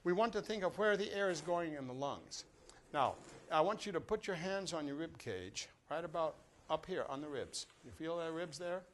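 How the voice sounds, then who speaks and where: A man's voice: on the high side, lively intonation, normal speed, a little hiss or hum. An older man teaching a brass master class, leading students through breathing exercises with jokes and direct coaching. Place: classroom or rehearsal room with a live audience.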